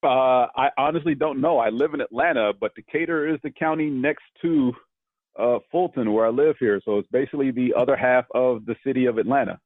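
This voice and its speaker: A man on a casual sports podcast speaks at an unhurried, halting pace. His voice comes through a narrow, tinny line, dry and close. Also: medium pitch, no room sound. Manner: slow, hesitant, unhurried. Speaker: co-host.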